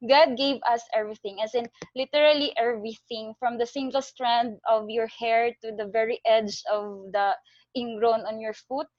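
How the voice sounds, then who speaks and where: A woman with a Filipino accent tells a parable and draws a sermon from it, earnest and expressive, now and then slipping into Taglish. Her voice sits fairly high. The recording is dry and close, with a dull, lo-fi sound. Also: normal speed, no echo. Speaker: Christian speaker on tithing. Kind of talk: storytelling sermon.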